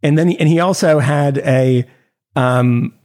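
A man co-hosting a podcast, talking in a rambling, animated way full of restarts and fillers. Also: a little high, a little slow. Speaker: podcast co-host. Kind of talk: casual chat.

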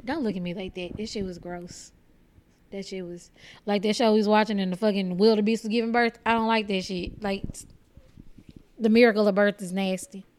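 A woman stand-up comedian from Texas, hosting her own podcast with a blunt, profane, animated comic rant. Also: medium pitch, fairly quick.

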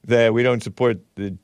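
A man's voice: mid-range voice, clean tone, no room sound. A man hosting a show, giving sarcastic, mocking commentary on the news. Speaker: host.

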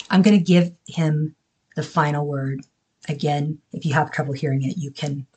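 A woman hosting a podcast, explaining thoughtfully and haltingly, with many fillers. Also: deep voice, husky. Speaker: podcast host.

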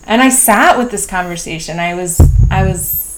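A woman hosting a podcast, talking through a personal diary entry in a slow, introspective way with pauses and restarts. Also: fairly low pitch. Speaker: podcast host. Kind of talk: reflective personal diary monologue.

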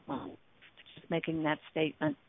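A woman's voice: sits low, lively intonation, takes it slowly, vocal fry, a little hiss or hum. A woman hosting an internet radio talk show as a relationship coach, speaking earnestly with many fillers and restarts. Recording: tinny dry phone line.

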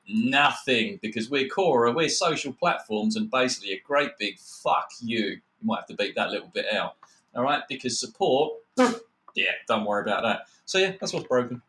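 A man's voice: mid-range voice, lively intonation, normal speed, fairly bright tone. An Australian man, a guest on a video call, ranting in casual chat, swearing freely and mocking others with put-on quotes.

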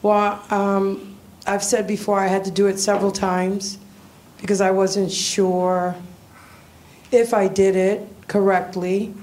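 A woman visiting a church, giving a tearful, halting personal testimony with nervous laughs. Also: mid-range voice, little pitch movement, darkish tone.

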